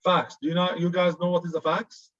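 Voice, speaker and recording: A man's voice: high-pitched, level tone, a little fast, a bit bright, muffled recording. Joking Arabic-accented male lecturer. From Arab region. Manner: chatty, joking, says "good" often. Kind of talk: classroom lecture.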